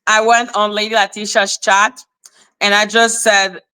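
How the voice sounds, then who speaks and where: A woman's voice: medium pitch, flat delivery, unhurried, pushed and bright, clean tone. Blunt woman ranting on a livestream. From Canada. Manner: blunt, profane ranting, greeting chat viewers. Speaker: live-stream host. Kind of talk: live-stream commentary.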